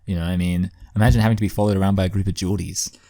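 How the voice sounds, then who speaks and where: A man's voice: sits low, fairly even intonation, very fast, dark tone, no room sound. A man hosting a podcast, making dry, wry quips in casual chat. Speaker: podcast host.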